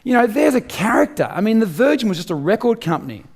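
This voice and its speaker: On stage before a live audience, a middle-aged Australian motivational speaker hammers home his points with rhetorical questions and emphatic repetition. His high voice is sing-song and quick, gravelly and slightly rough yet a little mellow.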